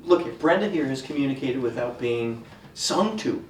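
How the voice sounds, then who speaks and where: A man's voice: mid-range voice, lively intonation, normal speed, a little hiss or hum, close to an everyday voice. A man playing a coaxing group therapist who praises small progress, in a stage comedy. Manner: soothing then overly enthusiastic. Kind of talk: community theater comedy. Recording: echoey stage from far off.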